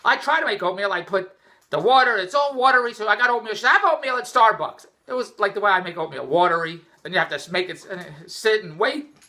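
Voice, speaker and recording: A man's voice: sits high, animated, fast talker, sharp tone. A middle-aged man vlogging indoors, telling a rambling, exasperated story with many restarts. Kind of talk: rambling personal vlog rant. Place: indoors, just came in from the rain.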